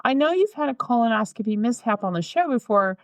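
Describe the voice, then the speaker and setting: A woman's voice: on the high side, animated, a little fast, dry recording. A woman co-hosting a podcast, chatting casually and reading listener mail aloud with playful asides. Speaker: podcast co-host.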